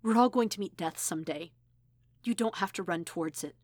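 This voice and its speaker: A woman voicing a protective middle-aged aunt, sharp and scolding at times, tender at others, in an audiobook reading. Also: lowish voice, a little fast, dry recording, clean studio sound, close to an everyday voice.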